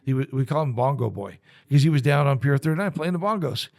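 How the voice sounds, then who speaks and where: A man hosts a podcast with a gravelly voice, full of vocal fry. He reminisces in a relaxed, rambling way at a middle pitch. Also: quick pace. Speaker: podcast host. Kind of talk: casual podcast conversation.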